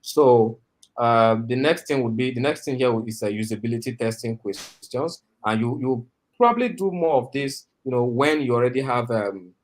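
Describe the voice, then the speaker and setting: A man's voice: mid-range voice, animated, normal speed. A man teaching interview skills on a video call, talking in a rambling way with many fillers and frequent requests for agreement. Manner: rambling, filler-heavy, often asks for agreement. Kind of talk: instructional talk on a video call. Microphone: video call microphone.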